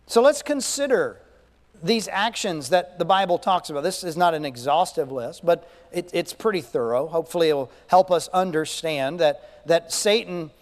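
A male pastor with a high voice delivers a sermon in an echoing hall, emphatic and full of rhetorical questions, repeating key phrases. The recording has long, echoing reverb.

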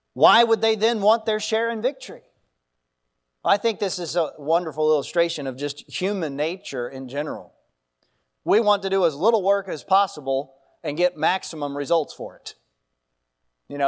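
A man preaching a sermon as pastor, mixing scripture reading with folksy asides and storytelling. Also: sits high. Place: church.

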